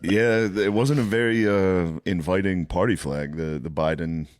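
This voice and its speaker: Low-voiced wisecracking male co-host. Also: fairly even intonation, measured pace. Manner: wry quips, laughing, swearing. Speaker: podcast co-host. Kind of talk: casual comedic chat.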